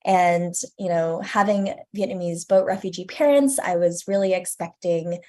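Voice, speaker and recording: A woman in her twenties answering interview questions earnestly and reflectively, with frequent ums, her sentences trailing off softly. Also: fairly low pitch, normal speed. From United States. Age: 20s. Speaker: guest, student curator.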